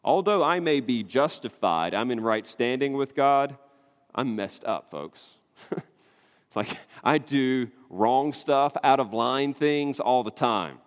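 A man's voice: mid-range voice, animated, takes it slowly. A man preaching a conversational sermon as pastor, emphatic and full of rhetorical questions. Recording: long hall reverb.

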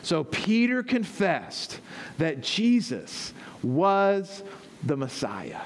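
High-voiced man preaching a teaching sermon. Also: huge pitch swings, extremely slow, a little hiss or hum. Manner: explains step by step and checks in with listeners. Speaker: pastor.

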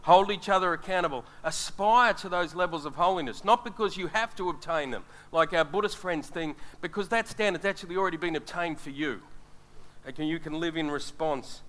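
A man's voice: fairly high pitch, fairly quick, a bit bright. A middle-aged man preaching a sermon, earnest and speaking straight to his congregation. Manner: earnest, addresses the congregation directly.

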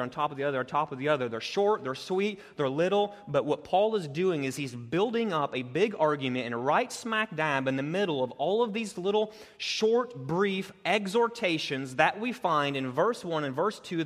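A man preaching a sermon as pastor. He speaks earnestly and builds emphasis, rising in pitch and force as he presses each point. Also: a bit bright. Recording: long reverb of a large hall.

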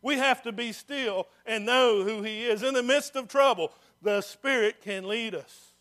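A pastor delivering a sermon in a high, bright voice. He talks in a folksy, plain way, drops almost to a whisper, then swells back up to loud emphasis. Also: a little slow. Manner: swings from hushed to loud and emphatic.

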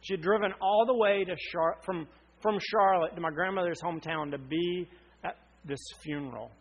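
A man's voice: sits high, normal speed, lo-fi sound. A man in his thirties, from North Carolina, preaching an earnest sermon with emphatic questions. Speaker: pastor.

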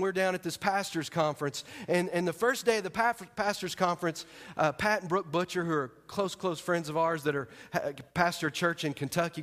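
A man's voice: high-pitched, fairly bright tone. A man preaching a sermon as pastor, telling a personal story with emphasis and speaking straight to the congregation.

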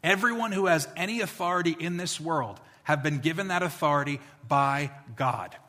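Male pastor, fairly high voice, conversational sermon with emphatic slow beats, long room reverb. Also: pushed and bright. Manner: conversational preaching, builds to emphatic points with slow, drawn-out lines.

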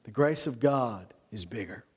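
A man who is a pastor delivering an animated sermon, mixing humor with earnest exhortation. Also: medium pitch, measured pace, breathy edge. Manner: animated preaching with humor and acted-out voices.

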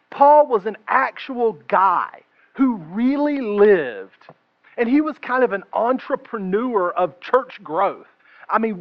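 High-voiced guy preaching, chatty and funny, dull dry recording. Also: dry recording. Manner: conversational and joking, slowing down to stress key phrases. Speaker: pastor. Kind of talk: sermon.

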